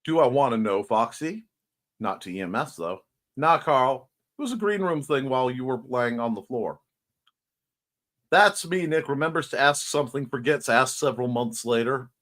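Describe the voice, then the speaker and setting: Lively, chatty man hosting a livestream. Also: mid-range voice, moderate pace. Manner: chatty and playful, jumping between topics. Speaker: livestream morning show host. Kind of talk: casual livestream chat, reading and answering viewer comments.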